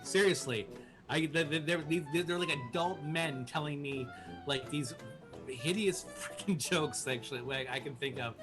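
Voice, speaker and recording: A man's voice: fairly high pitch, normal speed, over music. A man chatting casually on a live stream, rambling through stories with many restarts.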